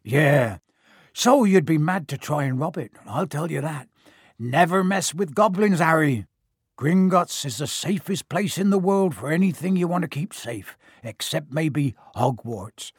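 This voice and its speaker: A man voicing a huge, gruff but kindly giant, talking in a hearty, folksy way for an audiobook. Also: lively intonation, a little slow, no room sound, studio quality. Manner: hearty, booming, folksy dialect. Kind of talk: audiobook character voice.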